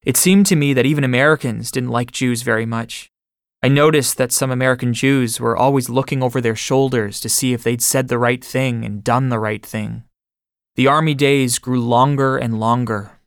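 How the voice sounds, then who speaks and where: A man reading a first-person memoir aloud in a measured way. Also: mid-range voice, steady tone, vocal fry, clear, resonant tone, dry recording, studio quality. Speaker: audiobook narrator.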